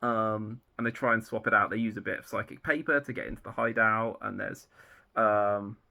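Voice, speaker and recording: Casual male storyteller, gravelly edge, loose and rambling, lots of ums. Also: on the low side, steady tone, moderate pace, bright, forceful tone. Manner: rambling, loose with many fillers. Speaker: fan writer outlining his own series. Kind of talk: casual plot rundown.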